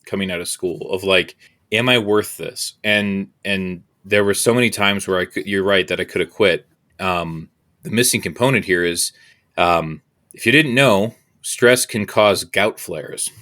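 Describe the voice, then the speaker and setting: A man in his thirties, a podcast guest, telling his story in candid conversation, animated and swearing freely as he acts out the voices of people he quotes. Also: low-pitched, a little slow.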